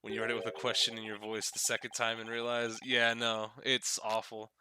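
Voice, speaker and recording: A man's voice: fairly low pitch, monotone, fairly quick, noisy background. A man streaming a game, commenting casually and wryly with swearing. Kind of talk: casual let's-play commentary. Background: game music.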